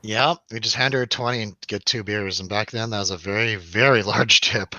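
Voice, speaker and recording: A man's voice: fairly low pitch, fairly quick, pushed and bright, dry recording, poor audio. A man hosting a radio show, telling a rambling, laughing, swearing story in a casual chat.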